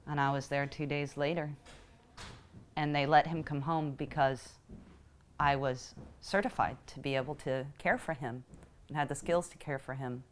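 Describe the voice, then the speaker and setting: A woman telling a personal story in a reflective, emotional way, pausing often as she speaks. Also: extremely low pitch, fairly even intonation, slight background noise. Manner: reflective and emotional, halting with pauses. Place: Houston.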